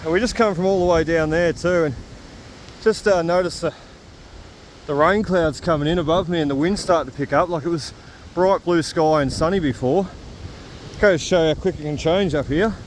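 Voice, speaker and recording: A slightly high-voiced Australian man talks at a moderate pace over a bit of background noise. Out on a rainy hillside, he narrates his metal detecting vlog casually to the camera. He's chatty and laughs easily.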